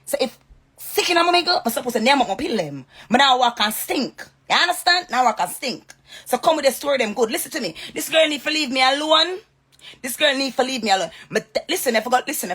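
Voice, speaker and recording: A woman's voice: a little high, expressive, quick pace, a bit bright, slightly rough. A woman with a Jamaican accent in a direct-to-camera rant, heated, confrontational and repeating herself. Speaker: social media personality.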